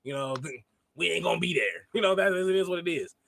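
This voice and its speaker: A man co-hosting a casual chat podcast, telling stories in an animated, teasing way. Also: fairly high pitch, fast talker, vocal fry. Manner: animated teasing storyteller, laughs often. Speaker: podcast co-host.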